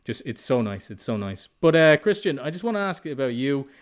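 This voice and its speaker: A man's voice: medium pitch, big pitch swings, brisk. A man hosting a casual interview podcast, enthusiastic and informal, often repeating himself. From Ireland. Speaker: podcast host.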